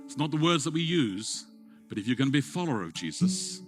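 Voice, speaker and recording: A middle-aged man preaching, telling a family story, moving between playful, animated moments and quiet, hushed ones. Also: mid-range voice, quick pace, music in the background. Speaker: pastor. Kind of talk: sermon with personal story. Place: event hall with an audience.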